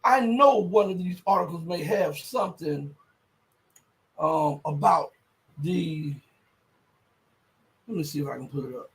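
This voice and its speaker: A man hosting a livestream, giving casual political commentary in a rambling, emphatic way, breaking into loud outbursts and muttering while he searches online. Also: fairly high pitch, a little slow, pauses often, poor audio. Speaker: livestream host.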